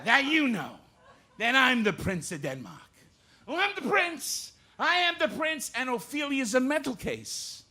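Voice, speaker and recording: A man impersonating a famous blustering TV comedian declaiming Shakespeare in a bombastic, shouting manner, recorded live in a club. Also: very high-pitched, sing-song, measured pace, pitched above the performer's own voice, full character voice. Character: blustering big-mouthed male TV comedian doing Shakespeare. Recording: live club with faint room noise.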